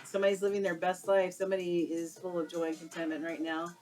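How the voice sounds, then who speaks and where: A woman's voice: lowish voice, flat delivery, fast talker, a little mellow, soft background music, low-quality recording. A woman doing a casual tarot card reading for her viewers, exclaiming and using slang as she turns the cards. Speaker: tarot reader.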